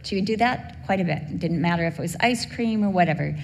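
A woman's voice: lowish voice, quick pace, creaky. A middle-aged woman preacher telling a heartfelt personal story in a sermon. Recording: long hall reverb, faint background hum.

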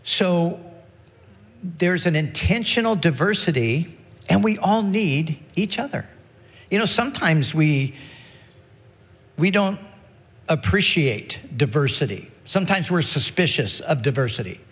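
A man's voice: a little high, lively intonation, a little slow, pauses often, a bit bright, slightly rough. Man preaching in an echoing church. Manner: conversational, many restarts and "you know". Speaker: pastor. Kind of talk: sermon.

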